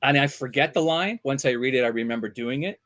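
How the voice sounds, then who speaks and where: A man from Vancouver, a voice actor telling casual, animated anecdotes and bursting into loud character voices. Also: mid-range voice, brisk. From Vancouver, Canada. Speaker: voice actor guest.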